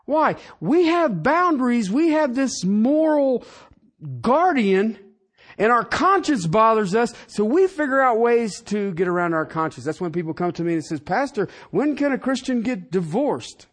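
A pastor delivers a sermon in a high, lively voice that leaps up and down in pitch. He preaches in a folksy, colloquial way, asking rhetorical questions and rising to shouts before dropping to hushed remarks. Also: moderate pace.

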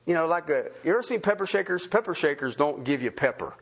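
A man's voice: on the high side, fast, breathy edge. A man preaching a sermon, full of questions put to his listeners. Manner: animated, asks the congregation many questions. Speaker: pastor.

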